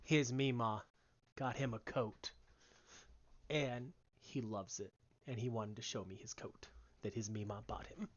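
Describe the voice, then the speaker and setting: A man's voice: fairly low pitch, unhurried, slightly rough. A male gaming streamer in casual commentary, rambling along with fillers and restarts. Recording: slightly dull lo-fi stream audio.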